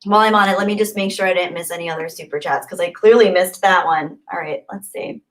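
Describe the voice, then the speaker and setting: A young woman hosting a casual livestream, reading super chats and thanking viewers. She gushes and gets excited, and she thinks aloud as she scrolls the chat. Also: on the low side, quick pace. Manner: bubbly, gushing and excitable. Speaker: livestream host.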